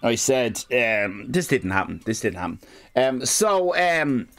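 A man's voice: medium pitch, expressive, measured pace, noisy background. A man streaming live, telling a rambling, profane comic story and interrupting himself often.

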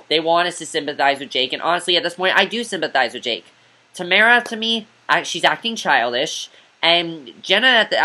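Bright-voiced man rambling through a TV review. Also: on the high side. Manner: rambling, eager, repeats himself with many fillers. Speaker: TV episode reviewer. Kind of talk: casual spoken episode review.

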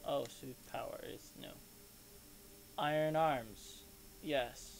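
A man playing through a video game and chatting casually, with excitable outbursts. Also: medium pitch, slow pace, gravelly, a little hiss or hum. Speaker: gamer playing. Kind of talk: casual let's-play chat.

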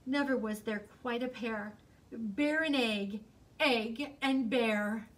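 A woman reading her picture book aloud in an expressive, sing-song, teacherly way, with fun facts in between. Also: on the high side, takes it slowly, far from the mic.

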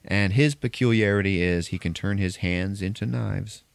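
A man's voice: lowish voice, fairly even intonation, moderate pace, creaky, clean tone, dry recording. A man hosting a podcast, recapping a film plot loosely with lots of swearing. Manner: loose, profane storytelling. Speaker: podcast host. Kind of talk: casual movie recap.

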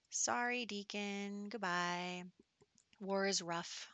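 A woman's voice: mid-range voice, fairly even intonation, very slow, fairly bright tone, no room sound, lo-fi sound. A woman giving casual, chatty commentary over her gameplay, giggling often and slipping into whispered asides.

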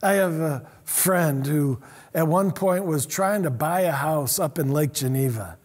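A middle-aged man preaches a sermon with a high, husky voice. He talks with animation and slips into voices for the quotes he reads. His delivery swings between earnest urging and quieter asides. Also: measured pace. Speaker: pastor.

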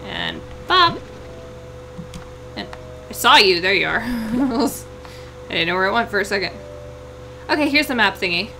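Bright, excitable woman gaming host. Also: mid-range voice, unhurried, vocal fry, pauses often, faint music behind, rough recording. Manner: chatty, excitable, bursts into squeals. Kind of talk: let's play commentary.

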